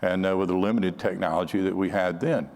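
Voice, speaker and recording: An older man with a lowish voice gives a conference talk, spinning anecdotes in a loose, conversational way. His sentences often restart midway. The sound carries the long reverb of a large hall. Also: steady tone, a little fast, darkish tone. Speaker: conference speaker on counterintelligence. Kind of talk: storytelling talk to an audience.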